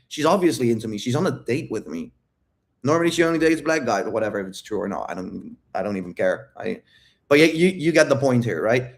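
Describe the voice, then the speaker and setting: A man's voice: mid-range voice, a little mellow. A brash male dating coach talking in a loose livestream Q&A. He swears freely and breaks into laughter often. His voice sits in an ordinary male range. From outside the United States. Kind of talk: casual livestream Q&A.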